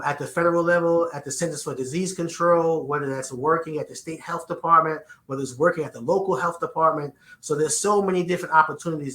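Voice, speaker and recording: A man's voice: on the high side, a bit bright. A middle-aged man from the Bronx with a New York accent, earnestly answering interview questions and often restarting his sentences. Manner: earnest, repeats words when starting sentences. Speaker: podcast guest. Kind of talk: conversational interview. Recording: roomy echo.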